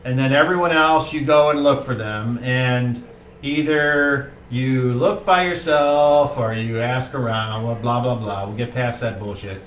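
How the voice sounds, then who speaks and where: A man's voice: medium pitch, a little slow, fairly bright tone, slight background noise. A man running a tabletop game as game master, talking casually with swearing and frequent fillers. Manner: casual, profane, rambling with fillers. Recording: roomy distant mic, faint ambience.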